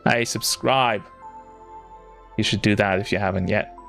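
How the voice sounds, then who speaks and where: A man's voice: fairly low pitch, fairly even intonation, a little slow, vocal fry, fairly bright tone, faint music behind. A man streaming a game live, making crude joking asides to his chat.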